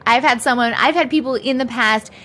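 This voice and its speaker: A woman in her thirties hosts a casual live stream, reading the chat aloud, chatty and upbeat, laughing often. Her voice is fairly high and sharp in tone, and she speaks a little fast.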